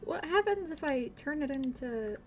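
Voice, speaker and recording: A woman's voice: sits high, animated, normal speed, a little hiss or hum. A woman streamer chatting casually while modding a game, rambling, swearing freely and laughing nervously.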